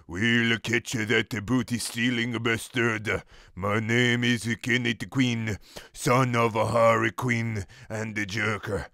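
A man's voice: mid-range voice, level tone, slow, gravelly, pushed and bright, no room sound, clean studio sound, full character voice. A man reading as a scheming young villain. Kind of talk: comic fanfic reading.

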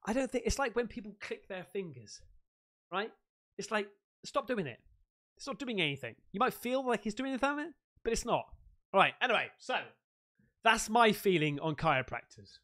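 An excitable English man giving casual reaction commentary as a video host, swearing and exclaiming loudly. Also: high-pitched, moderate pace, long pauses.

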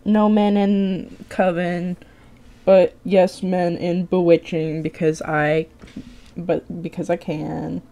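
A tired young woman rambles through a live stream, swearing casually and teasing herself as she draws. She talks slowly, and her voice is mellow and soft-edged. It is loose, unscripted chat. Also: fairly low pitch, flat delivery.

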